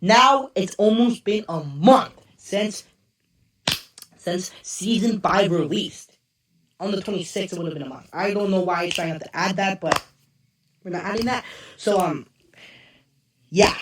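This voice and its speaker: Hoarse, rambling man on a distant mic. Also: high voice, measured pace, pauses often, reverberant, noisy background. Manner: rambling and excitable, loses track of names. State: hoarse, strained voice. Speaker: show reviewer. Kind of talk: casual unscripted review.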